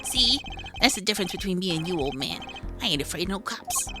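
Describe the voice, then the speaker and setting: A woman voicing a cocky young male gangster wannabe with loud, slangy tough-guy swagger. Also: lowish voice, lively intonation, quick pace, lightly acted. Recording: game music behind voice.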